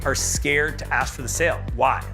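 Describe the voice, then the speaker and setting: A man's voice: medium pitch, fairly even intonation, moderate pace, music in the background. A man giving a motivational business talk on selling, acting out little scenes with quoted voices. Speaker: sales and business speaker.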